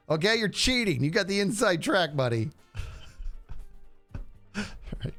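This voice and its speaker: A man's voice: sits high, very animated, takes it slowly, long pauses, a bit bright, faint music behind. A man streaming a game, chatting casually and rambling to his viewers. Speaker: livestreamer. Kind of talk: casual gameplay stream chat.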